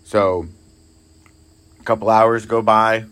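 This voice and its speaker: A man's voice: on the low side, takes it slowly, clear, resonant tone. Man telling a story in easy chat. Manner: animated storyteller, voices his wife's lines. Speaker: podcast co-host.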